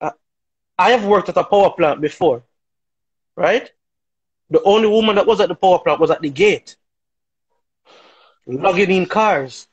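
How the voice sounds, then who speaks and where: A man speaks as a talk show guest, his voice pitched high with a husky edge. He argues his views emphatically, piling up rhetorical questions. The delivery is opinionated and forceful. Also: normal speed, long pauses, dull audio. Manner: emphatic, rhetorical, keeps asking "right?".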